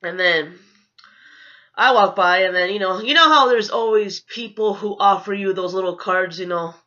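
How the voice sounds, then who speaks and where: A woman with a bright, forceful voice rambles through a storytime rant as a vlogger, swearing freely and sounding indignant, with "you know" in nearly every sentence. The audio is dull and lo-fi, as if recorded on a cheap mic. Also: mid-range voice, normal speed.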